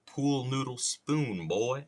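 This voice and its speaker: A man doing a blustery old cartoon rooster with a put-on Southern drawl. He drags out his insults slowly, and his voice rolls up and down. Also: mid-range voice, lively intonation, darkish tone, pitched above the performer's own voice. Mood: teasing. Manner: drawling insults ending in "boy".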